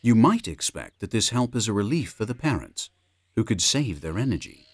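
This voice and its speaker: A man narrating a wildlife documentary in a measured, informative scripted delivery. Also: on the low side, big pitch swings, no echo.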